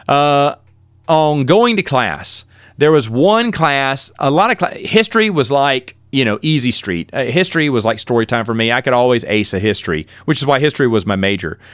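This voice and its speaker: A middle-aged man hosts a podcast, telling his own college stories in a casual, rambling, animated way and often revising himself mid-sentence. His medium-pitched voice is clear and resonant, recorded in a clean studio with no room sound.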